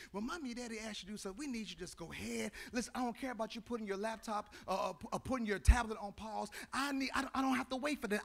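A male pastor delivers a sermon in a very high, gravelly voice with a bright, piercing edge. He shifts between shouted, sung phrases and low murmurs, carried along by a preaching cadence.

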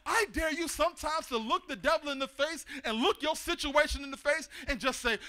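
A male preacher delivers a sermon in church with a strikingly high, bright, sharp voice. He builds to shouted exhortation, then drops to a hushed reading of scripture. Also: a little fast, few pauses.

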